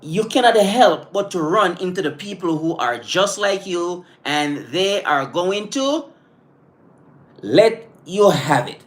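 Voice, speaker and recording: A man's voice: sits high, animated, slow pace. Earnest man giving a motivational live stream. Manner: earnest, repeats and restarts words while thinking; breaks off to greet live viewers.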